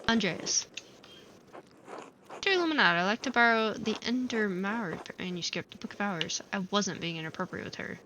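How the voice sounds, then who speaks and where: Bright-voiced woman reading game dialogue. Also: medium pitch, lively intonation, a little hiss or hum, poor audio. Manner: reads every character's lines in her own voice, with quick asides. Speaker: streamer. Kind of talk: let's play, reading game dialogue aloud.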